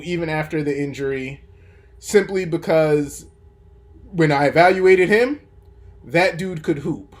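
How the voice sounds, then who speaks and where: A man's voice: fairly high pitch, darkish tone. A young man hosting a podcast, talking sports in a casual, opinionated, rambling way with plenty of fillers. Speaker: podcast host. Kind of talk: casual sports commentary monologue.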